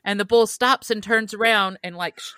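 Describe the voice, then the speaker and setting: A woman telling a childhood story on a podcast in an animated way, often laughing as she talks. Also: mid-range voice, normal speed, no echo. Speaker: podcast guest. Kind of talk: casual storytelling.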